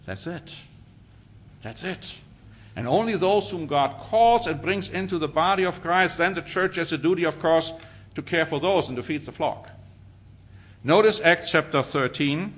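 Male preacher, bright, forceful voice, emphatic sermon delivery, rhetorical questions. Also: on the high side, measured pace, long pauses. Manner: emphatic, rhetorical questions, reads scripture aloud.

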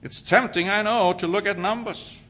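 Male preacher, bright, forceful voice, emphatic sermon delivery, rhetorical questions. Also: high-pitched, moderate pace. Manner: emphatic, rhetorical questions, reads scripture aloud.

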